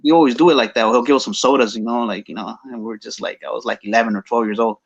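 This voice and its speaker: A man's voice: mid-range voice, fairly even intonation, quick pace, vocal fry, breathy edge, muffled recording. A man with a Chicano English accent telling a story casually, slangy and mixing English with Spanish.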